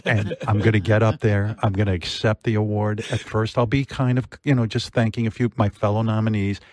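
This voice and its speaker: A man's voice: lowish voice, level tone, fairly quick, darkish tone, no room sound, clean studio sound. A man hosting a casual interview, enthusiastic and profane with lots of filler words. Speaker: talk show host.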